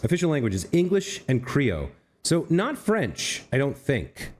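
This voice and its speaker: A man's voice: mid-range voice, wildly swooping pitch, measured pace, darkish tone. A man hosting a let's play, thinking aloud as he reasons through a puzzle, often correcting himself and talking to the figures on screen. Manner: musing, self-correcting, talks to on-screen figures. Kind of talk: thinking aloud while gaming.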